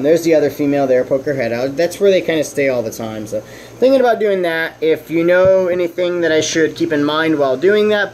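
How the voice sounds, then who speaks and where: A young Texan man rambles through a casual fish-room update. His voice sits a bit high for a man, and he keeps restarting his sentences. A faint hiss runs under the recording. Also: darkish tone, rough recording. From Southern US. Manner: rambling, halting, restarts often; coos at his fish in a raised voice. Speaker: fish-keeping vlogger.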